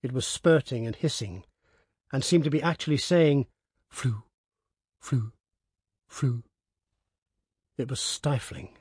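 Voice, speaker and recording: A man narrating a story aloud in a measured, even manner. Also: mid-range voice, breathy edge, no echo, clean studio sound. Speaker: audiobook narrator. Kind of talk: scripted narration.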